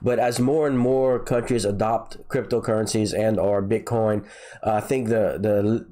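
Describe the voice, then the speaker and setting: A man's voice: fairly low pitch, steady tone, unhurried, mellow. A man hosting a casual crypto livestream, nasal and congested from a sinus infection, rambling and often repeating himself.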